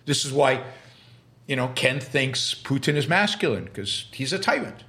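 A man hosting a live show, reading out viewer questions and answering them off the cuff. He is emphatic but halting, repeating and restarting words. His voice sits in an ordinary middle pitch. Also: very animated, pushed and bright. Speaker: host.

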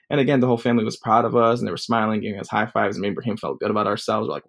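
A man's voice: on the low side, racing, creaky, hardly any pauses. A man in his twenties telling a personal story casually, rambling with many fillers. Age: 20s.

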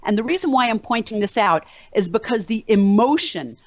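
A woman speaks as a motivational speaker to a small group, telling animated stories with plenty of ums and uhs. The recording sounds dull and lo-fi, with a dry, close sound. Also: on the high side, normal speed, no room sound. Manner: animated storytelling with fillers. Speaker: motivational speaker and meetup organizer. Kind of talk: casual talk to a group.

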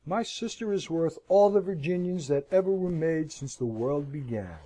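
A man's voice: on the high side, expressive, normal speed, dark tone, poor audio. A man voicing a proud, impulsive young girl who scolds herself in passionate, self-mocking outbursts, in an audiobook reading. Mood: defiant.

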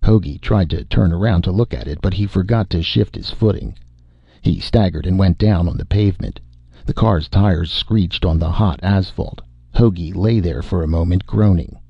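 A man narrating an audiobook in a steady, measured way. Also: low-pitched, vocal fry, slightly rough, no echo. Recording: dull, dry recording.

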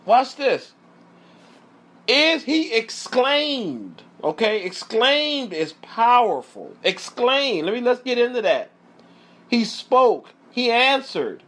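A man preaching a sermon, emphatic and repetitive, often pausing to tell his listeners to watch closely. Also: very high-pitched, sing-song, a bit bright.

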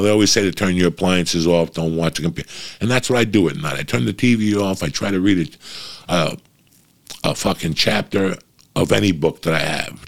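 A middle-aged man with a very deep voice full of grit and fry. He rambles through a casual, profane monologue, speaking bluntly and straight to his listeners.

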